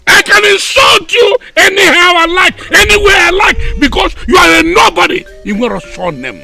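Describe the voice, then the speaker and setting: Man doing a loud, gravelly Nigerian village chief, high and swooping, boastful and hot-tempered, with music underneath. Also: huge pitch swings, fairly quick, exaggerated voice. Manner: shouting, insulting, mixing in Igbo. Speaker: chief in council.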